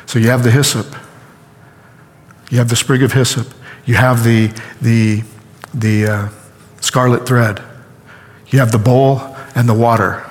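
A man preaching a sermon as a story, acting out the quoted lines with lively energy. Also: medium pitch, a little slow, long pauses, long reverb tail. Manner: animated retelling with acted-out quotes. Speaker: pastor.

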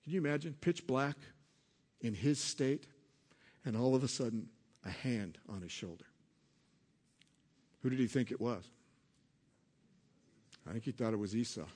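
A man preaching a sermon, asking the congregation questions and swinging between hushed, low passages and loud, emphatic ones. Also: normal speed, pauses often. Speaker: pastor.

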